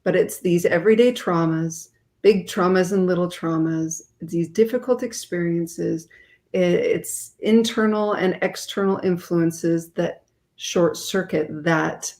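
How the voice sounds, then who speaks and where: Earnest woman, low voice. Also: a little slow, a little mellow. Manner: earnest, explanatory. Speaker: guest author. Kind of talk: interview explanation.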